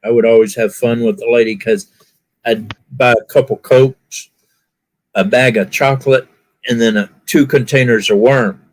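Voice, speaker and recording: A man's voice: mid-range voice, steady tone, normal speed, rough recording. A man chatting casually, telling folksy stories and acting out the people in them with raised voices. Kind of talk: casual storytelling chat.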